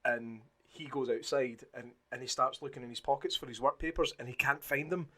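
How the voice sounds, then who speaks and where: A man co-hosting a casual film podcast, animated and blunt, swearing casually and acting out scenes as he talks. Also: medium pitch, brisk. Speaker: podcast co-host.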